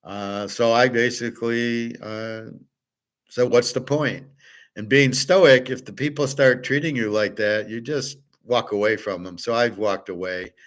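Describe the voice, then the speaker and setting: A man's voice: medium pitch, fairly even intonation, a little slow, fairly bright tone. A middle-aged man hosting a casual monologue, rambling and blunt, swearing freely. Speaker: host.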